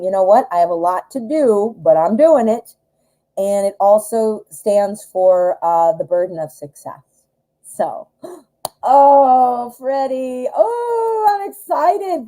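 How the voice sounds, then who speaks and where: A woman hosting a live tarot reading show, talking in a chatty, excitable way with many fillers. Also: mid-range voice, poor audio.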